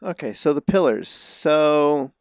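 Gravelly-voiced teasing male host. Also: fairly high pitch, no echo, clean studio sound. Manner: relaxed, teasing, halting restarts. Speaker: podcast host. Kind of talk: casual chat.

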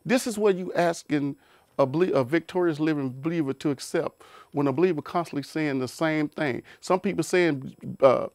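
A man's voice: a little high, moderate pace, a little mellow, no room sound, clean studio sound. A man giving an informal Bible talk, emphatic and repetitive, with rhetorical questions and many restarts. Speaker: Bible teacher.

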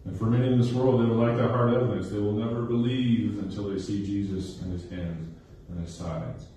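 Low, mellow-voiced man preaching in an echoey hall. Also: steady tone, a little fast, slight background noise. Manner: checks in with listeners with frequent "okay?" and "right?"; repeats phrases for emphasis. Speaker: pastor. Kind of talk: sermon. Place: recreation center used for church service. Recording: very echoey hall, heard from a distance.

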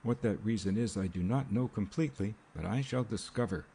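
A man's voice: on the low side, brisk, gravelly, mellow, slight background noise. A man voicing a small, blunt investigator in an audiobook, speaking bluntly and emphatically. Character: small, blunt, fact-collecting male investigator.

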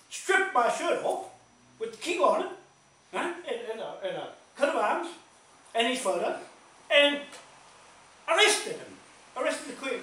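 A man's voice: very high-pitched, bright, forceful tone. A man telling stories at a community meeting, emphatic and repetitive, laughing between points. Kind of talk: animated storytelling talk. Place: large meeting hall. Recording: echoey room from far off, faint noise.

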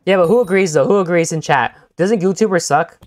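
A young man streaming a game live, talking to his teammates and chat in an excitable, stammering way that repeats itself. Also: high-pitched, a little fast, dry recording, faint music behind. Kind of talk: live gameplay commentary.

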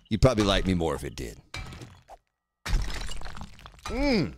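A man's voice: on the low side, wildly swooping pitch, measured pace, long pauses, slight background noise. A man streaming a game, joking around and teasing his chat viewers by name as he plays. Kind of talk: casual gameplay livestream commentary.

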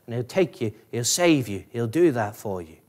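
A Northern Irish man preaching a sermon in a church as pastor, pleading with his listeners, climbing high on emphasis and then dropping low. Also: lively intonation, normal speed, darkish tone.

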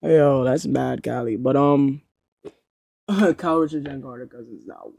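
Gravelly young New woman streaming. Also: deep voice, lively intonation, brisk, dark tone, no echo, clean studio sound. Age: young adult. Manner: slangy, swearing, laughing, incredulous. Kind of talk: casual livestream chat.

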